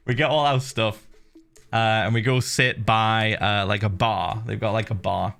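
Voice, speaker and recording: A man chatting on his livestream with a bright, forward tone and a voice that leaps up and down as he talks. He tells the story in a loose, animated way, laughing, swearing freely and filling pauses with fillers. Faint music plays underneath. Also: lowish voice, gravelly. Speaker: livestream host. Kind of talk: casual storytelling chat.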